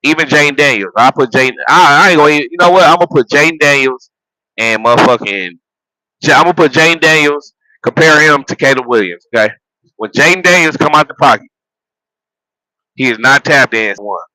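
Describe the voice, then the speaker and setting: A man on a loose, profane football rant, full of laughs and restarts. His voice is bright and forceful, and it sits dry and close with no room sound. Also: a little high, brisk, no echo, low-quality recording. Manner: animated, profane, laughs at his own jokes; repeats phrases and restarts while building a point. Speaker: sports vlogger and football fan. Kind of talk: casual sports rant.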